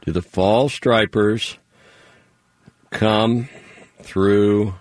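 A man's voice: fairly low pitch, fairly even intonation, extremely slow, dry recording. A man hosting a call-in radio show, friendly and easygoing, thinking aloud with some restarts. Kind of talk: casual call-in radio chat.

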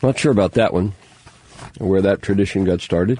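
A man's voice: low-pitched, brisk, mellow, slightly rough. Sarcastic rambling male talk host. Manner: sarcastic, rambling, mocking asides. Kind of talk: casual news commentary monologue.

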